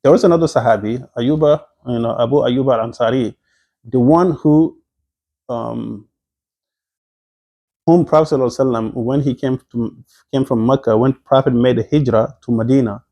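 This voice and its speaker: A man delivers a religious history lecture at an ordinary, mid-range pitch, his voice mellow and dark. He talks conversationally, restarting phrases, exclaiming often, and quoting Arabic scripture along the way. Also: moderate pace. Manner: slips into quoted Arabic phrases. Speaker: Islamic teacher. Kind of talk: recorded Islamic history lecture.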